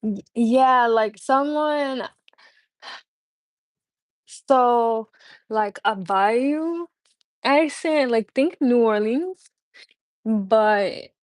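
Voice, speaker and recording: A woman's voice: a little high, extremely slow, long pauses, no room sound. A woman hosting a casual live stream chat, rambling with many fillers and laughing often. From United States. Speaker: livestream host.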